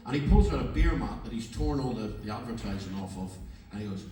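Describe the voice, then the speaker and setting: A man's voice: fairly low pitch, fast, slight background noise. Older man telling a sweary stage story. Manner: swearing, animated storyteller acting out quoted dialogue. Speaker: performing musician on stage. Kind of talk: stage anecdote between songs. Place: live music venue, on stage. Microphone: fan camera far from the stage. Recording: echoey distant live-gig audience recording. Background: crowd and room ambience.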